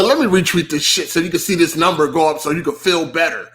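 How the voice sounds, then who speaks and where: A man's voice: high-pitched, a little fast, hardly any pauses, slight background noise. A man hosting a podcast, ranting in casual speech with lots of swearing and mocking asides. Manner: animated, swearing, laughing, mocking quoted voices. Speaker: podcast host. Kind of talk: casual rant.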